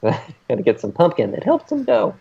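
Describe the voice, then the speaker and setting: A man's voice: fairly high pitch, huge pitch swings, fairly quick, gravelly, slightly rough, phone-quality sound. A man co-hosting a podcast in casual chat. He talks in a laid-back, rambling way with many fillers and chuckles. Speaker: podcast co-host.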